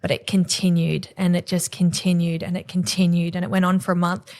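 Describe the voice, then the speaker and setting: A woman's voice: lowish voice, little pitch movement, brisk, darkish tone. A woman in her thirties with an Australian accent, a podcast guest telling a painful personal story and acting out the exchanges she quotes. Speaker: podcast guest, salon owner. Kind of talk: candid podcast conversation.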